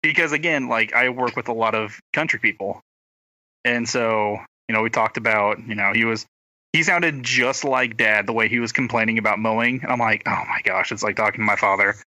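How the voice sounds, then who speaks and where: A young man with a rural Oklahoma accent rambles through a story, stopping to act out other people's lines. His voice is very bright and sits at a middle pitch. The sound is dry and close to the mic. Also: normal speed, no echo, rough recording. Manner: rambling storyteller, acts out quotes. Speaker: podcast co-host, brother. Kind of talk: casual chat.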